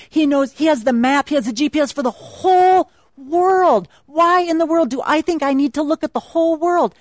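A woman's voice: high-pitched, normal speed, few pauses, darkish tone, no echo. A woman speaking at a retreat, teaching a Bible passage in a chatty, laughing sermon style.

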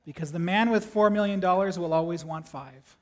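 A man's voice: high-pitched, brisk, a little hiss or hum. A man in his thirties, a pastor giving a sermon in a church service in a casual, joking way. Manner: conversational, joking, self-deprecating.

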